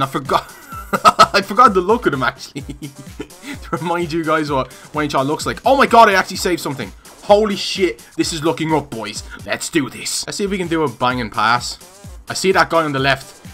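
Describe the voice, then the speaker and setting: A young man giving casual, excitable gameplay commentary, swearing and laughing often. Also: a little high. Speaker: gaming YouTuber.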